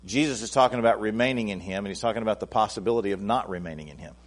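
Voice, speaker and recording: Preaching man, conversational then rising. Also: rapid-fire. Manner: conversational preaching that builds to loud, high-pitched emphasis; addresses the congregation directly, restarts phrases. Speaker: pastor. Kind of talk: sermon.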